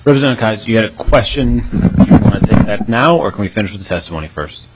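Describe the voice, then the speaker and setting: A man's voice: fairly low pitch, lively intonation, fast talker. A man chairing a legislative committee hearing, brief and businesslike as he calls on speakers. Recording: noisy hearing-room mic from a distance.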